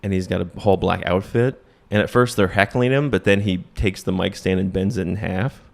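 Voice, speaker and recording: He's a middle-aged stand-up comic hosting a casual podcast, with a lowish voice. He walks through a movie plot in an animated way and slips into the characters' lines as he goes. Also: brisk, creaky. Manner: animated storyteller who acts out characters' lines. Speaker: stand-up comedian and host.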